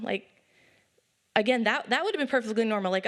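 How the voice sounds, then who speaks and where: A young woman preaching a sermon in church, tender and emotional, close to tears at times, chatty with quick acted asides. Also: a little high. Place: church service.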